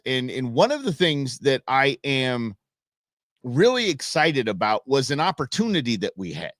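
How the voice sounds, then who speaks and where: A middle-aged male host with a slightly high voice tells a story in a loose, emphatic ramble full of fillers and false starts. The sound is close and dry. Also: a bit bright, no echo. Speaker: show host. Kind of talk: casual storytelling on a live show.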